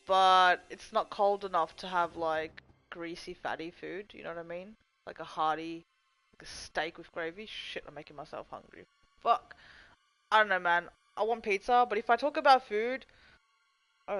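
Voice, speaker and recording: A woman's voice: on the low side, normal speed, a bit bright, smooth, faint music behind, low-quality recording. A young woman rambling casually and swearing freely as she answers chat on her live stream from home. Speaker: livestream host.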